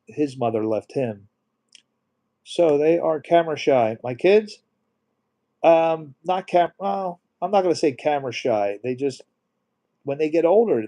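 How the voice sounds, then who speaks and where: Reading viewer comments aloud on his casual live stream, this middle-aged host speaks softly and with emotion, at a medium pitch.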